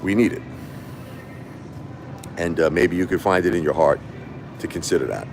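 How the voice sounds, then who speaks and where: A man's voice: low-pitched, normal speed, vocal fry, slight background noise. A man hosting a casual livestream, telling a long story in a rambling, repetitive way. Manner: rambling, repetitive, animated when quoting others. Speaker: livestream host.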